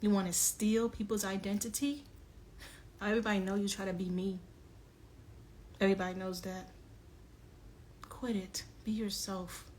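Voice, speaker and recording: A woman's voice: medium pitch, fairly even intonation, normal speed, long pauses, a little mellow, a little hiss or hum. A young woman speaking on a phone livestream, earnest and confrontational as she calls someone out and then pleads with them. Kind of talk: emotional livestream monologue.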